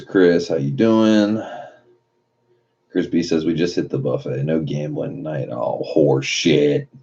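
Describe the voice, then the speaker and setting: A very low, mellow-toned man chatting on a late-night live stream. He reads viewers' messages aloud and answers them loosely, with plenty of swearing. The audio is dull and lo-fi. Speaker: live streamer reading chat.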